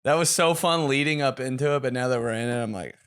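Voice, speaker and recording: Laid-back joking comedian, dry mic. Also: male voice, medium pitch, fast, fairly bright tone, clean tone, dry recording. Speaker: podcast co-host, stand-up comedian. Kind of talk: casual chat.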